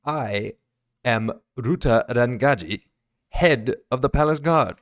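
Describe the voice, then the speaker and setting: A man's voice: medium pitch, slow pace. A man voicing a proud, stern male head of a palace guard who speaks formally and stiffly. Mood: imperious.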